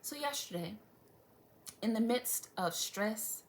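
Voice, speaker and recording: Animated woman with lively swoops. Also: fairly high pitch, takes it slowly. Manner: animated, dramatic, swears freely; sarcastic asides to viewers. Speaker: beauty vlogger. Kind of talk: casual storytelling chat.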